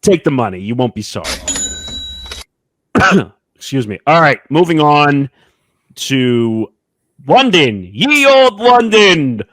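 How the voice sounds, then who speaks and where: Man, sports podcast co-host, dry close sound, slow announcing delivery, casual chat. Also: mid-range voice, animated, a bit bright, dry recording. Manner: announces each game in a drawn-out way.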